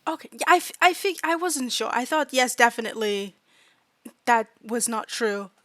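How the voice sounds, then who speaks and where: A woman voicing a small, timid fairy student who speaks in broken, halting grammar and often drops to a whisper. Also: a little high, animated, fairly bright tone, no echo, studio quality. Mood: earnest. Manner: broken grammar, dropped articles, hesitant. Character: tiny timid fairy student, earnest, new to language. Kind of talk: tabletop role-play.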